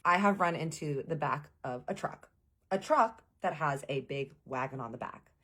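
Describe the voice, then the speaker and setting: A woman telling a casual storytime to viewers, animated and acting out the quoted lines. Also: low voice, normal speed, husky. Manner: addresses viewers as "y'all".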